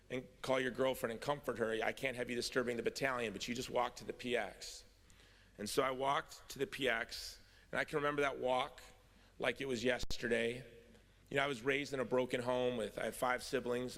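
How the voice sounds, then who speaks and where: A man's voice: mid-range voice, fairly bright tone. A middle-aged man giving a personal testimony speech at a convention, telling his story with wry humour that turns earnest. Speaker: convention speaker. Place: large hall. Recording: long hall reverb.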